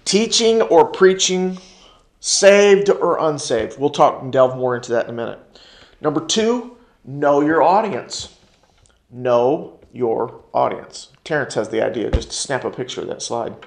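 An American man teaches a church ministry class in sermon style, his voice gravelly and somewhat high. He drives each point home by repeating it and asks the room to answer back. The sound is roomy, with echo from the church space. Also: sing-song, normal speed. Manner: call-and-response, repeats key phrases for emphasis.

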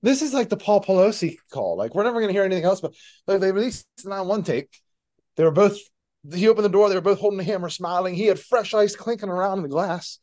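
Lively man firing off rhetorical questions. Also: sits high. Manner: animated, rapid-fire rhetorical questions. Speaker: podcast co-host. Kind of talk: casual political chat.

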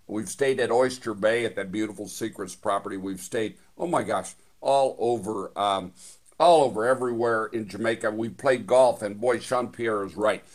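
A man's voice: fairly low pitch, moderate pace. A man hosting a radio show, talking enthusiastically in a chatty way with many fillers and restarts. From United States. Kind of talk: casual radio chat.

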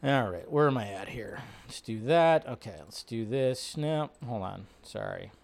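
A man's voice: mid-range voice, expressive, unhurried, vocal fry. A man hosting a casual live commentary show, rambling with lots of fillers and frequent swearing. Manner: rambling, full of fillers and profanity. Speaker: host.

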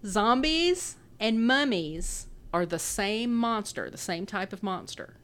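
A woman's voice: mid-range voice, lively intonation, slow, a bit bright. A woman in her thirties with a Texan accent, chatting casually as a podcast co-host, rambling and laughing often. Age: 30s. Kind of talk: casual chat.

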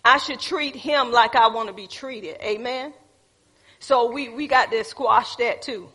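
A woman's voice: fairly high pitch, unhurried, pushed and bright, husky. A woman teaching a church group, preachy and calling on the audience. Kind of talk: teaching talk with congregation.

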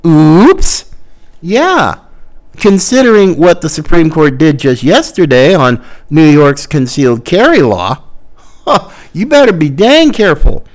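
A man's voice: a little high, sing-song, unhurried. A man hosting a podcast, delivering an emphatic, sarcastic opinion monologue. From Florida. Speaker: podcast host.

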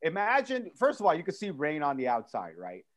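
A man co-hosting a comedy podcast, telling a story in a casual, animated way and acting out the people in it. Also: fairly high pitch, brisk. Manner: animated, acts out voices in anecdotes. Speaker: podcast co-host.

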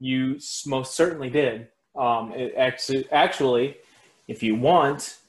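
A man's voice: medium pitch, unhurried. A male podcast co-host teasing the host in casual chat. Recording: echoey room.

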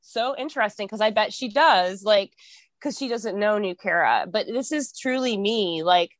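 A woman's voice: medium pitch, animated, normal speed, dry recording. A young woman chatting casually as a podcast guest, talkative and laughing often, with frequent swearing.

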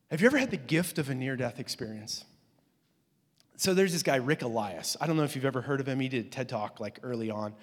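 A man preaching a sermon in a loose, conversational way with many fillers, sometimes dropping to a soft hush. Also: a little high. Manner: drops to a soft hush on emotional lines. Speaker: pastor. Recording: long hall reverb.

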